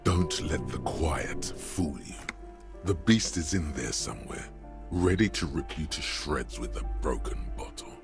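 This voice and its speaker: A man voicing a grim, ominous narrator in a video game, with a gravelly, slow delivery. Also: extremely low pitch, expressive, music in the background, exaggerated voice.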